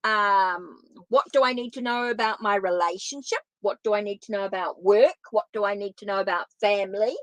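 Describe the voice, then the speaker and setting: A woman's voice: medium pitch, fairly quick, few pauses, no room sound, poor audio. A woman from New Zealand with a Kiwi accent, giving tarot readings on a live stream in a chatty way that repeats itself and answers viewers. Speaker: tarot reader.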